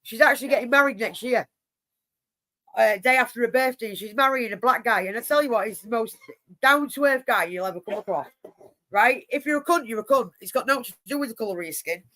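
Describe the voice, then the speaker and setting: A woman's voice: a little high, a little fast, a bit bright. A woman hosting a live stream, telling rambling stories full of swearing and acted-out quotes. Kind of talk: casual profane storytelling chat.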